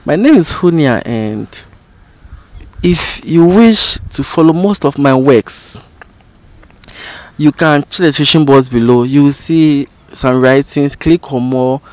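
A man teaching an informal lesson as a channel host, explaining slowly and repeating example phrases. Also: fairly high pitch, darkish tone, no room sound. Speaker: language educator and channel host.

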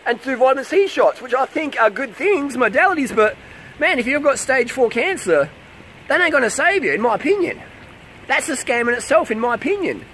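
A man's voice: extremely high pitch, pushed and bright, a little hiss or hum, low-quality recording. A man, ranting defensively to camera in a vlog, swearing and repeating himself in a heated way. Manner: profane, heated, repeating questions. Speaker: vlogger.

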